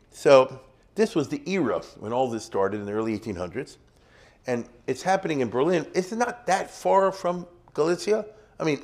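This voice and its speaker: A man lecturing in a loose, conversational way, his pitch swinging widely as he talks. He keeps checking in with his listeners and asks them rhetorical questions. His voice sits at an ordinary middle pitch. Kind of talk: informal lecture.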